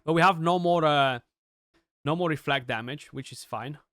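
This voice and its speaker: A young man giving chatty, excitable live commentary on his gameplay, with many restarts and fillers. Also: on the high side, moderate pace, no echo, studio quality. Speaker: gaming streamer.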